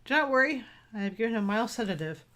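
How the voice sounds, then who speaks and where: A woman reading a calm male doctor. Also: fairly high pitch, fast.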